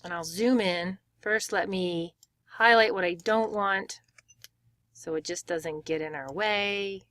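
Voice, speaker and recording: Clear woman teaching pronunciation. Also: medium pitch, slow pace, a bit bright, no room sound. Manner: clear, step-by-step explaining with demonstrated words. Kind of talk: screen-share tutorial.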